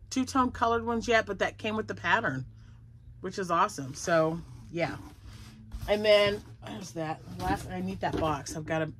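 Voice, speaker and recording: A woman's voice: on the low side, slight background noise. An older woman chatting casually at home about her crochet projects, rambling and laughing often. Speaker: crochet vlogger. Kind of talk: casual chat.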